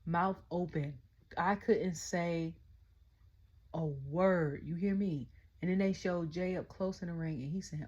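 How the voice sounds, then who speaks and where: A middle-aged woman casually recapping a wrestling event, excitable and chatty, constantly retelling her own reactions. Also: on the low side, unhurried, husky, lo-fi sound. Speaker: wrestling show reviewer. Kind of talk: casual rant-style recap.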